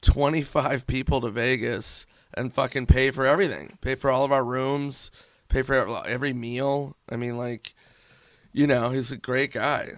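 A man's voice: mid-range voice, fairly even intonation, normal speed, no room sound, studio quality. A man guesting in a casual interview, telling stories in a loose, profane way with lots of fillers. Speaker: guest comedian and actor.

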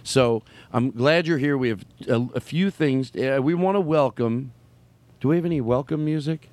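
A man hosting a talk show, rambling through his stories with quick asides and bursts of animation. He sounds close to the mic in a very dry, dead space. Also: mid-range voice, darkish tone, dry recording. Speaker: podcast host. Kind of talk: casual chat. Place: room with a small audience.

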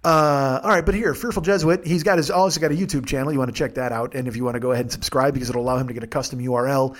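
Fast-talking, profane comedy podcast host. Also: male voice, medium pitch, steady tone. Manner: profane, absurd, self-mocking tangents. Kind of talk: rambling comedic monologue.

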